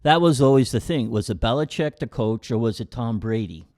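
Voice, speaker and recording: A chatty Canadian man co-hosting a relaxed podcast. He asks questions, retells jokes at an easy pace, and voices a middle pitch. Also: a little fast. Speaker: podcast co-host, son of the main host. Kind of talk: casual chat with ad read.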